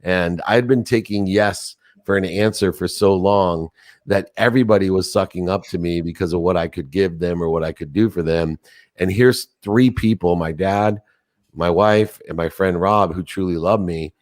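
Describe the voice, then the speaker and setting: A man in his forties with a very low voice tells a personal story with intensity. He builds up and falls back with the emotion and chokes up at moments. The sound is close and dry. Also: normal speed, dry recording. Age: 40s. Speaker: podcast guest.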